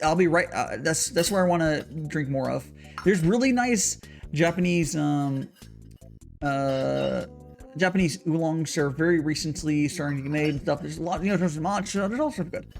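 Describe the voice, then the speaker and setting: A young man chatting casually on a livestream while making tea, rambling with lots of restarts and repeated words. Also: fairly high pitch. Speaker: streamer.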